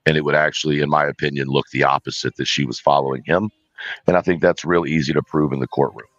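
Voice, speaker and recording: A man speaking as a panel guest on a livestream, in a measured, cautious way with frequent ums. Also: rumbling low, steady tone, fairly bright tone, no room sound. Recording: dull lo-fi dry call audio.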